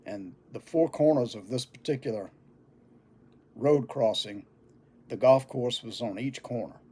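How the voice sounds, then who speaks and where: Husky older man telling a folksy story. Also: mid-range voice, mellow. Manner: folksy, unhurried, chuckling between lines. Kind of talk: casual oral storytelling.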